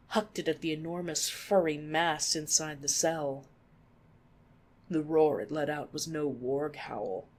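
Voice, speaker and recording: A reader narrating fan fiction aloud in a steady, expressive way. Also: medium pitch.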